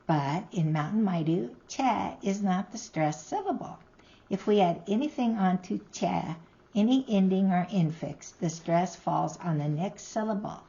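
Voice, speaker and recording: Slow gravelly woman teaching a lesson. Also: lowish voice, mellow, dull audio. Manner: slow, careful, sounding out words. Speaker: language teacher. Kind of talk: recorded language lesson.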